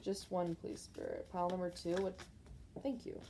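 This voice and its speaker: A woman gives a casual tarot reading straight to her viewers. Her voice is mellow and sits slightly low. She rambles through intuitive impressions, leaning on filler words as she goes. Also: little pitch movement, normal speed, vocal fry, a little hiss or hum. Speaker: tarot card reader. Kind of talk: casual pick-a-card tarot reading to camera.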